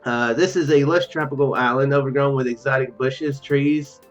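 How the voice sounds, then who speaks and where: A man's voice: mid-range voice, fairly even intonation, moderate pace. A man playing a text adventure, reading the text aloud with restarts and joking asides. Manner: reads on-screen text with restarts and asides, laughs easily. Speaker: let's play gamer reading game text. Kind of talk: casual let's play commentary and reading aloud. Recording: dull muffled recording with faint game music.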